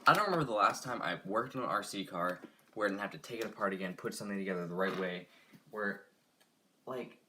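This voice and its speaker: A man's voice: lowish voice, quick pace, noisy background. Frustrated young man muttering on a live stream. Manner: frustrated, muttering and sighing while working. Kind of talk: casual live stream chat. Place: home, working on a toy car.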